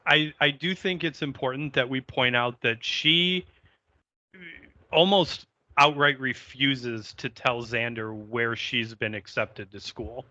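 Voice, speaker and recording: A man speaks slowly and deliberately on a podcast, his voice bright and sharp as he lays out opinions. The recording is dry and a little dull, lo-fi in tone. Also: mid-range voice, dry recording. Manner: deliberate, opinionated, occasional swearing. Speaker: podcast co-host. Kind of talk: casual chat recapping a TV episode.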